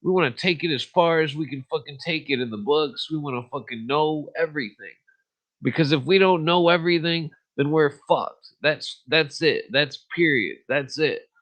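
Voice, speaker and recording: A man's voice: fairly high pitch, moderate pace, fairly bright tone, low-quality recording. A man hosting a podcast, ranting bluntly with lots of swearing and fillers, then reading an article aloud. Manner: profane, blunt, frequent fillers. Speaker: podcast host.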